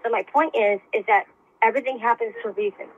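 An earnest woman in her fifties, chatting as a podcast guest, her voice husky and slightly breathy. The sound is dry and muffled, like lo-fi call audio with no room around it. She talks in a plain, middle-pitched voice. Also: fast talker, no room sound. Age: 50s. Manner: earnest, laughs often. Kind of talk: casual conversation. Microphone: remote call mic.

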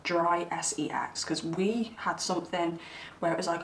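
A woman's voice: medium pitch, lively intonation, a little slow. Woman, tarot reader, rambling and giggly, faint hiss, echoey room. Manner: chatty, giggly, rambling with frequent fillers. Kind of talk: casual tarot reading to camera. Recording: roomy sound, mic at a distance, faint background hiss.

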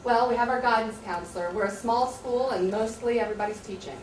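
An American woman, a high school teacher, explaining in an earnest, conversational way how she handles students. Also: fast. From USA. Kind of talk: explaining classroom practice to visitors. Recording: echoey room, distant mic, light hum.

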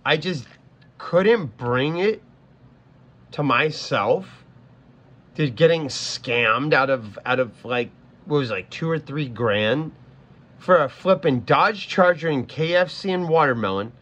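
A man on a livestream talks straight to his chat, his voice sitting a little higher than most. He stumbles and restarts, circling back to the same phrases in a flustered, casual way. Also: lively intonation, takes it slowly, a bit bright, dull audio. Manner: flustered, stammering, repeats himself. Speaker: streamer.

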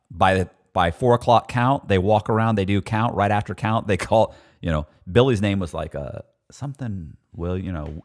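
A middle-aged man casually telling prison stories, swearing freely, laughing often and acting out what others said. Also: low voice. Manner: animated, profane, laughs often, acts out quotes. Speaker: guest storyteller. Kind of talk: casual storytelling chat.

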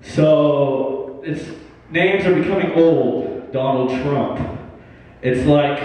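Dude doing slow dry one-liners, kinda high voice, super echoey hall, mic far off. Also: male voice, lo-fi sound. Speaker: stand-up comedian. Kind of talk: stand-up set. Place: comedy club stage.

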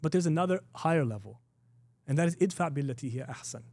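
Middle-aged male teacher, relaxed and conversational, slightly high and warm, dry close sound. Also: fast, no echo. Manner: conversational, laughs often, many restarts and "you know"; acts out quoted exchanges in a raised voice. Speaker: Islamic teacher. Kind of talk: informal recorded class.

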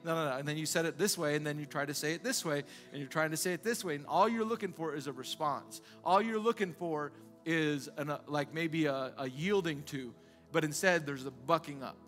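A man's voice: a little high, fairly quick, hardly any pauses, a bit bright, soft background music. A male pastor preaching a sermon in a conversational way, asking the congregation rhetorical questions again and again.

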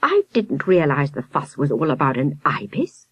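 A woman's voice: low-pitched, sing-song, normal speed, fairly bright tone, slightly rough, no room sound, lo-fi sound, exaggerated voice. A woman voicing a fluttery, genteel older lady in a storybook.

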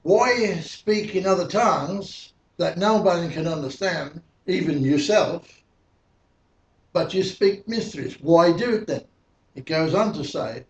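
A man's voice: fairly high pitch, unhurried. A male preacher teaching a sermon verse by verse, putting questions to the congregation. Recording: echoey hall, mic at a distance.

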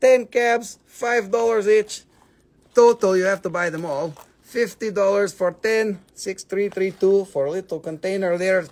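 A man hosting a live sales stream, running through prices in an excitable, joking way. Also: sits high, measured pace. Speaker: host selling minerals on a live stream.

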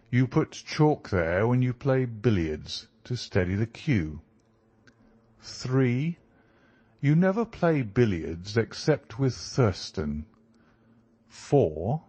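Brief: cool, superior detective lecturing precisely, low and very slow, read by a man. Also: darkish tone, dry recording, full character voice.

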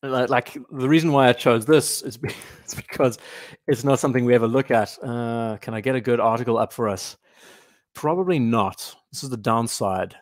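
A watch channel host runs a casual livestream, rambling and thinking aloud while reading out and answering chat comments between his own remarks. His mid-range voice moves at normal speed, recorded close and dry with no room sound.

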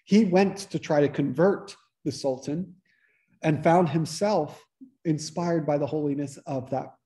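A man, a priest, giving a relaxed, conversational teaching talk to a church study group, restarting his sentences often. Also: fairly high pitch, unhurried. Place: church meeting room.

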